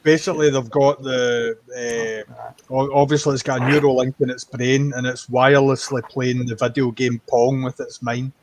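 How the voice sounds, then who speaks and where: A man's voice: medium pitch, little pitch movement, noisy background. Hesitant man sharing news in chat. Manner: halting, full of "uh" and restarts. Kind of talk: casual chat on a live stream.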